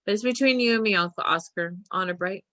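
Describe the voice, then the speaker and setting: A woman voicing an earnest, secretive young boy who speaks gravely and pleads with his uncle. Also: medium pitch, quick pace, fairly bright tone, dry recording, natural voice.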